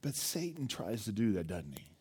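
A male pastor with a fairly low, husky voice preaches at a moderate pace, telling animated stories. He acts out quotes and asks the congregation questions.

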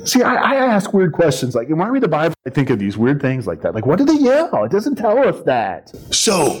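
A middle-aged preacher delivers a sermon in a fairly high voice for a man. He tells the story in an animated way, slipping into the characters' voices and shouting their yells. His asides stay playful. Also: brisk, slightly rough, poor audio.

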